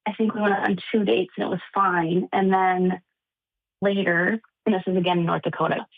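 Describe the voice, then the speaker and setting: A young woman guest telling a story in a casual interview, animated and laughing as she talks. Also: medium pitch, moderate pace. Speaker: podcast guest. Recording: tinny phone-like line.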